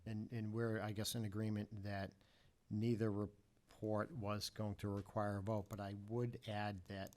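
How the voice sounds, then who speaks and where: A man runs a formal public meeting in a measured, halting voice, pausing often on fillers. His voice sits a little low. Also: level tone, darkish tone. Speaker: meeting chair.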